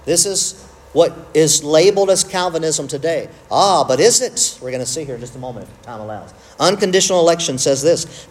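A man teaching a church class, conversational and quick to joke at his own slips. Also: fairly high pitch. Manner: conversational, self-interrupting with humor.

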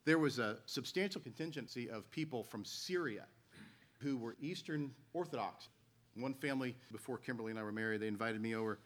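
Casting: bright, clear-toned male pastor, earnest storytelling sermon delivery. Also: medium pitch, a little fast. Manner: earnest, storytelling preacher who reads scripture aloud.

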